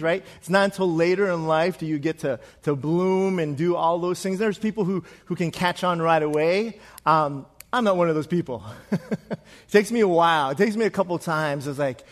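A man preaching a sermon in a conversational way, asking the congregation questions and dropping to soft, quiet lines for emphasis. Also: fairly high pitch. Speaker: pastor.

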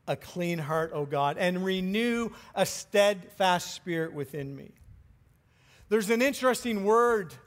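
A man preaching a sermon, speaking deliberately with pauses and letting phrases trail off softly. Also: a little high. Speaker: pastor.

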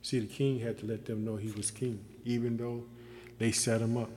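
A man's voice: mid-range voice, flat delivery, normal speed, dark tone, a little hiss or hum. A man giving an informal sermon, reading scripture aloud and then commenting on it in loose, folksy asides, with fervent emphasis. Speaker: Bible teacher. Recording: echoey room with long reverb.

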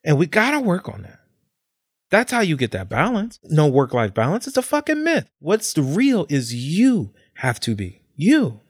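A man's voice: a little high, wildly swooping pitch, measured pace, slightly rough, no room sound, clean studio sound. A man talking on a podcast, swearing freely and getting fired up as he preaches about facing who you are. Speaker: podcast guest. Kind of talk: casual podcast chat.

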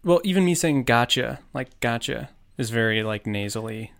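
Man, from Buffalo, casual podcast chat, rambling, filler-heavy, easy laughter, mid pitch. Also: expressive, moderate pace, creaky. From Buffalo, New York.

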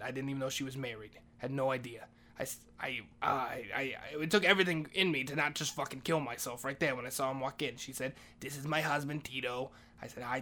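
Male comic host as janitor, rambling, cursing, bright tone. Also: medium pitch. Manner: rambling, profane, deadpan. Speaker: comedy podcast host playing a janitor. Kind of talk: comedic monologue.

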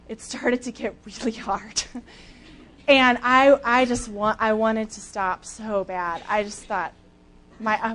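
A young woman giving a sermon as a lively, chatty personal story, with casual fillers and easy laughs. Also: mid-range voice. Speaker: speaker at a church talk.

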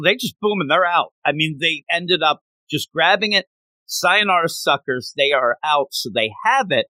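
Lively guy hosting a comics podcast, bright sharp voice, super dry close mic. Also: on the high side, normal speed, dry recording. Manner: animated, acts out characters. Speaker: podcast host. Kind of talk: casual comic book review chat.

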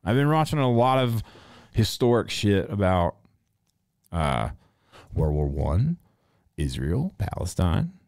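A man in his thirties from North Carolina, chatting casually with his audience and ranting in profane, animated bursts. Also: low voice, takes it slowly, long pauses, no room sound. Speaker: streamer answering chat. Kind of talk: casual rambling chat.

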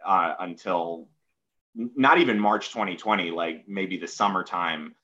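A low-voiced man chats as a podcast guest, stopping and restarting with many ums and uhs. His audio sounds a little dull, like a remote line. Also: measured pace, pushed and bright. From New York City. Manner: hesitant, lots of fillers and restarts. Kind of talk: casual conversation.

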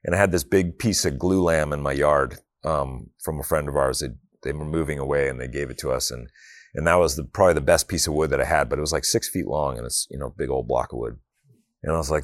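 A man's voice: a bass voice, quick pace. A middle-aged man giving an earnest faith talk, telling a personal story in a conversational way. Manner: earnest, conversational, with many "you know" asides. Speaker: speaker.

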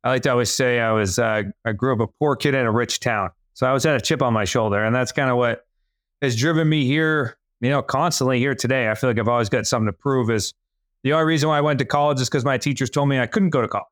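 Man from Massachusetts, podcast guest, smooth clear voice, dry sound, energetic and friendly. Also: mid-range voice, dry recording. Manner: energetic, friendly, quick bursts. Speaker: guest, real estate entrepreneur. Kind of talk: casual conversation.

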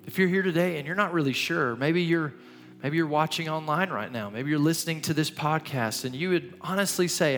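A man's voice: on the high side, brisk. Earnest male pastor urging a congregation. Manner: earnest, urging, repeats phrases. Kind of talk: sermon. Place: church sanctuary. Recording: long hall reverb, soft music.

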